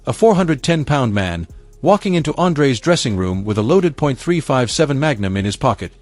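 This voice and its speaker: A man's voice: medium pitch, big pitch swings, moderate pace, no room sound. A man giving scripted documentary narration, building suspense. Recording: dry voice-over over music.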